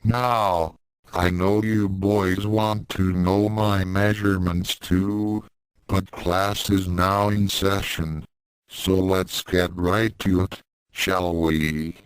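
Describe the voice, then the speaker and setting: A man's voice: deep voice, flat delivery, slow, smooth, no room sound. A man reading the part of a sultry, teasing demonic woman teacher in a storybook.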